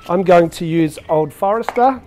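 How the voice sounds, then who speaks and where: A man's voice: high-pitched, moderate pace, darkish tone, a little hiss or hum. A man hosting a cocktail demonstration as a bartender, talking in a chatty, upbeat way with frequent filler words. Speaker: bartender and show host.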